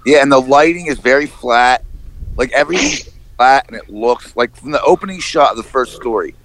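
A man co-hosting a casual movie-review podcast, talking in an animated, profane way and acting out quotes. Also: mid-range voice, a little fast, low-quality recording. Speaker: podcast co-host.

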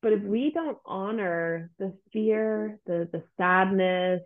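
A woman therapist appears as a guest, speaking slowly and earnestly at medium pitch in casual interview conversation. She acts out her clients' voices, and the audio comes through a tinny, phone-like line.

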